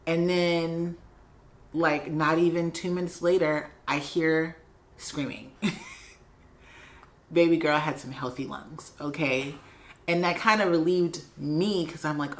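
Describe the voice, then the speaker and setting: Low-voiced woman telling a story. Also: normal speed. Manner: animated, acts out the voices of people in her story. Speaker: vlogger. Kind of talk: casual storytelling vlog.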